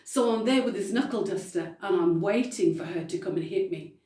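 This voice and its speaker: A British woman delivers a testimony sermon, recounting her story with emphatic repetition in a brisk, warm, medium-pitched voice. The distant mic picks up a roomy echo.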